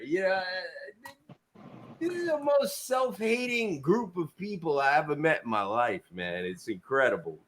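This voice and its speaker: A man's voice: fairly high pitch, very animated, unhurried, a bit bright. A man hosting a casual trucking talk show over a video call, blunt and teasing, with plenty of swearing and "uh" fillers. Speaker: podcast host. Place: Queens, New York.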